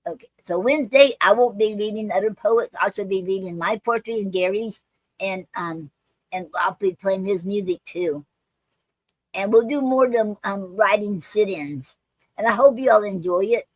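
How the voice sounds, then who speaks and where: A woman signs off her poetry livestream in a halting, looping way, full of ums and restarts. She talks fondly to her viewers in a middle-pitched voice. The sound is dry and close. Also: dry recording, low-quality recording. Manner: affectionate toward viewers, calls them fam. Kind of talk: casual livestream sign-off.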